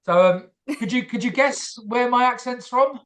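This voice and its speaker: A man's voice: extremely high pitch, moderate pace, a bit bright. Joking London man hosting a podcast. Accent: London English. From London, England. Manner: jokey, swears casually. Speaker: podcast host. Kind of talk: casual podcast chat.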